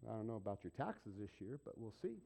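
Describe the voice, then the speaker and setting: Mellow-voiced man preaching conversationally. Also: on the low side, very animated, fast, gravelly, a little hiss or hum. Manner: conversational preaching with rhetorical questions and acted-out asides. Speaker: pastor. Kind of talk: sermon.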